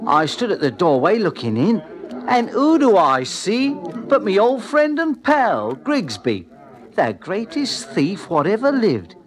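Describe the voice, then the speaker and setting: An actor playing a poor drifter, chatty and cheeky, narrating in an old-time radio drama. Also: male voice, high-pitched, huge pitch swings, measured pace, exaggerated voice. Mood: wry. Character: poor male drifter, down on his luck.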